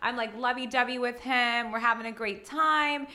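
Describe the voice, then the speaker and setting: A young woman co-hosting a podcast, telling a story in animated, casual chat and acting out the people in it. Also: a little high, moderate pace. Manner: animated storytelling, acts out quoted voices. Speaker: podcast co-host.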